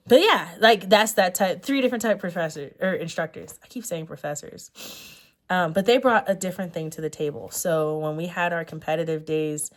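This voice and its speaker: A young woman in a relaxed sit-down vlog, her voice sitting a touch low. She rambles earnestly, circling back and fixing her words as she goes. It sounds like she is thinking out loud. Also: fairly quick. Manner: rambling, earnest, self-correcting with many fillers. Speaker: vlogger. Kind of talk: sit-down reflective chat.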